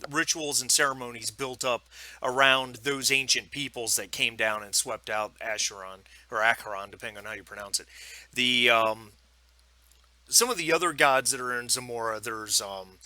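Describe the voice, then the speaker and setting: A man's voice: mid-range voice, pushed and bright, no echo. A man narrating as game master for a tabletop role-playing game, rambling with many ums and restarts.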